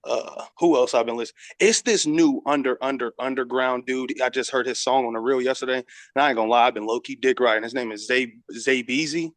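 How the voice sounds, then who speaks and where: A man's voice: mid-range voice, a little fast, hardly any pauses, no room sound. A young male rapper speaks on a close, dry mic in a casual interview. He is slangy and profane and stretches out words for emphasis. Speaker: rapper guest.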